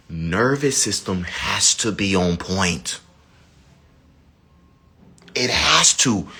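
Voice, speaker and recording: A man giving a casual spiritual talk, dramatic and animated, sometimes dropping to a low hush. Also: husky. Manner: animated, dramatic swings from loud high to low hushed. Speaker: spiritual teacher.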